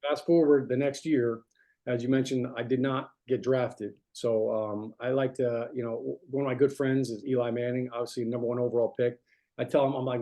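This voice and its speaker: A man's voice: mid-range voice, flat delivery, brisk, dark tone. A middle-aged man from New Jersey, a guest speaker telling stories in a conversational way, full of fillers and restarts. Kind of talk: anecdotal storytelling talk.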